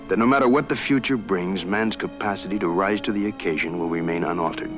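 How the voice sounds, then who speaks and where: Man, measured declamatory narration, old TV clip, music underneath. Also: low voice. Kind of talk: scripted closing narration.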